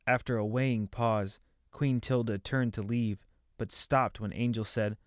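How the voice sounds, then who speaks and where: A man reading a fantasy novel aloud as narrator, in measured storytelling. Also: medium pitch, fairly even intonation, no echo, studio quality. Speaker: audiobook narrator.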